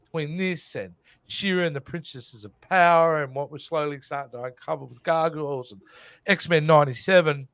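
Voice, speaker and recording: An Australian man co-hosting a casual podcast, enthusiastic and quick to laugh. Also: fairly high pitch, fairly bright tone, clean tone, no room sound. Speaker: podcast co-host.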